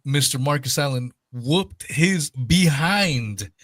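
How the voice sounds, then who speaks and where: A man in a casual live chat talking in an animated, mocking way and often restarting his sentences. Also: medium pitch, slow pace, no echo, studio quality.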